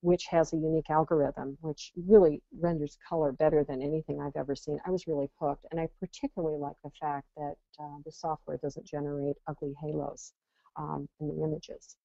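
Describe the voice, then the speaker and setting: A woman getting over a cold, with a scratchy, hoarse voice, presenting a webinar as an enthusiastic, friendly guest speaker. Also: low-pitched, little pitch movement, brisk, mellow, no echo. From Las Vegas, USA. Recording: dull lo-fi webinar audio.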